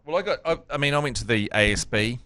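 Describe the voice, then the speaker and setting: A man's voice: medium pitch, expressive, fast talker, no echo. NZ male podcast co-host, anecdotal storyteller, middle voice, dry studio mic. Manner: storytelling with shouted impressions. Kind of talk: casual chat.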